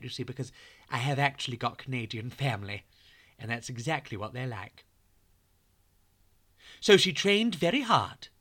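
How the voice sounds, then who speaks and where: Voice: mid-range voice, pushed and bright. A children's podcast host, telling a true story in a playful way and speaking straight to young listeners.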